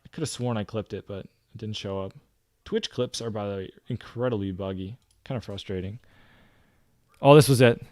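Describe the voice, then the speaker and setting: A man's voice: lowish voice, normal speed, dry recording. Chatty male gamer, dry close sound. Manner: chatty, excitable, addresses viewers as guys. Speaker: gaming streamer reviewing his own clips. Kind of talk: casual game commentary to viewers.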